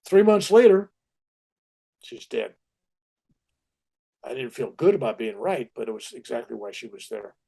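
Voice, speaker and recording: Older male storyteller, gravelly low-key voice, lively acted-out quotes, conversational. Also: brisk, hardly any pauses. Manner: animated anecdotes with acted-out quotes. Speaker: spiritual teacher.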